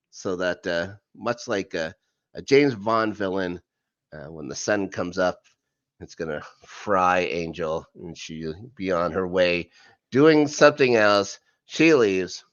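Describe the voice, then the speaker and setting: A man co-hosting a rewatch podcast, rambling through a recap with plenty of "uh"s and side comments. His pitch swings up and down a lot. The sound is dry and a little dull. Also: fairly bright tone, no room sound. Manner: chatty, rambling recap full of fillers and asides. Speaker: podcast co-host. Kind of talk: casual rewatch recap chat.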